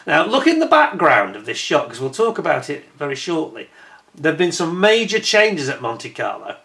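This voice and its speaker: A man's voice: on the high side, sing-song, moderate pace, gravelly, pushed and bright. A middle-aged man from Britain telling a rambling, chatty story over holiday photos, correcting himself as he goes. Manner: chatty, rambling, self-correcting, indignant when retelling complaints. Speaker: vlogger.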